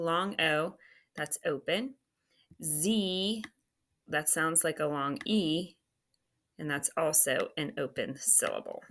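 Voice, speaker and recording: In a low, bright, forceful voice, a teacher walks through a phonics worksheet, spelling words letter by letter with patience. She narrates to herself while writing on the screen.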